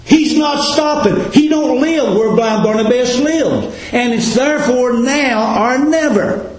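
Echoing high-voiced male preacher. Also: slow pace. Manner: dramatic preaching cadence, rhetorical questions. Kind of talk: sermon. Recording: very echoey room.

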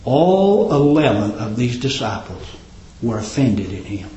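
A man preaching a sermon, impassioned and swinging up into high, ringing exclamations. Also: very animated, measured pace, warm tone. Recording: roomy, slightly dull recording.

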